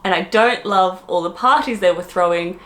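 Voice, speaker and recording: A young woman from the UK talks straight to her viewers in a casual vlog. Her voice sits a little low for a woman. She sounds opinionated and blunt, and her talk is loose and full of "like". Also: normal speed, fairly bright tone. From United Kingdom. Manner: chatty and outspoken, many "like" fillers. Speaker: vlogger.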